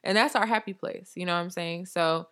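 A woman's voice: fairly low pitch, a little fast, fairly bright tone. Woman, podcast co-host, casual chat, chatty, laughs often.

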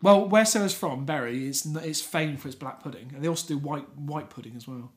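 A man's voice: fairly high pitch, a little fast. A man co-hosting a comedy podcast, reading out odd news stories and laughing often between jokes. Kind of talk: casual comedic chat.

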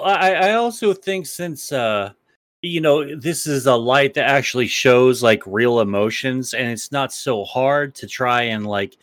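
A man's voice: medium pitch, fairly bright tone, dry recording, studio quality. A man co-hosting a podcast, talking hesitantly and searching for words. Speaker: podcast co-host. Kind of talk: casual discussion.

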